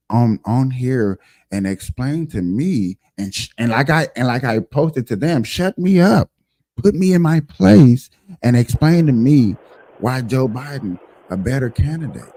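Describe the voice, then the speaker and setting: A man's voice: mid-range voice, expressive, unhurried, dark tone. A man hosting a casual livestream show, talking emphatically and directly to his viewers.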